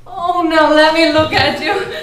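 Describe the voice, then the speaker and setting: Actress as a high-voiced, fluttery faded Southern belle, stage play, echoey distant pickup. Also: female voice, steady tone, measured pace, a crowd in the background. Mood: giddy, fluttery. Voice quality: theatrical, fluttery. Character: faded genteel Southern woman, nervous and fluttery.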